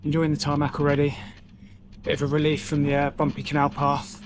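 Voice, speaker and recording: A man cycles along talking into his camera, casual and chatty, with a slightly higher than usual voice. He sounds a little out of breath at times. Faint outdoor noise sits behind him. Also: completely flat delivery, fairly quick. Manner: chatty, talks to himself and the camera, swears casually. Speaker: cycling vlogger. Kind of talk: casual vlog narration while cycling. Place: outdoors on a bike route. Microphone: camera mic.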